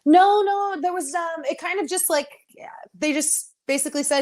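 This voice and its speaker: A woman's voice: high-pitched, normal speed, darkish tone. Emotional, laughing woman interviewee. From Texas. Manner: open and emotional, laughs often. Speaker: interview guest, pro wrestler. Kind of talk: casual interview.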